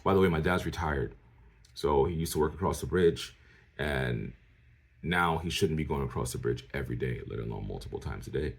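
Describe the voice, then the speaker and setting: A man from New York telling his viewers a personal story in a casual, animated way. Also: extremely low pitch, fairly quick, vocal fry, breathy edge. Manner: animated, talks straight to viewers, acts out the people he quotes. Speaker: storyteller vlogger.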